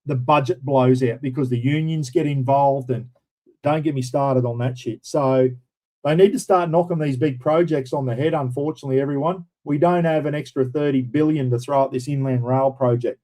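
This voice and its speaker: A man's voice: medium pitch, steady tone, normal speed, warm tone, low-quality recording. An Australian man hosting a casual livestream, ranting bluntly and indignantly, swearing freely and calling his viewers "everyone". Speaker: livestream host.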